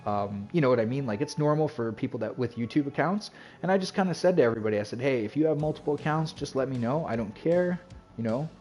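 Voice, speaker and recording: A male game streamer telling a long story to his chat in an easygoing, rambling way, packed with "like" and "you know." His voice sits at an ordinary middle pitch, and he slips into little acted-out lines of dialogue as he goes. Faint music plays softly behind him. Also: fast. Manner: rambling, filler-heavy, acts out quoted dialogue.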